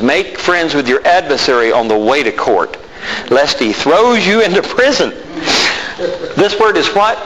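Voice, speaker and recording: A pastor with a medium-pitched, slightly bright voice preaches a sermon in a reverberant hall with faint background noise. He shares a personal testimony, acting out both sides of the conversations he remembers.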